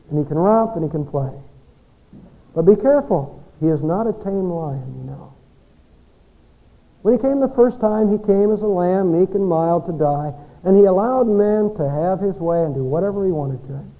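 A high-voiced man preaches with strong rises and soft, hushed drops at the ends of his phrases. The recording is a little dull and lo-fi. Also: animated, normal speed. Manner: dynamic preaching, swinging between loud peaks and hushed endings. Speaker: pastor. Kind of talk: Christmas sermon with storytelling.

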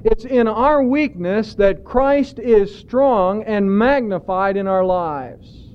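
A man preaching a sermon in a deliberate way, drawing out emphatic words. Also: sits high, clean tone, dull audio. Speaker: pastor.

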